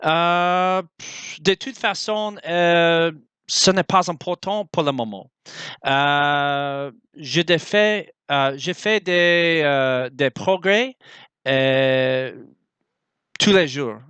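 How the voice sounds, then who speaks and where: A young man talking casually to the camera in a vlog, halting, with many fillers as he searches for words. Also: a little high, a bit bright, clear, resonant tone, dry recording, muffled recording. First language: English. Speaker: language learner.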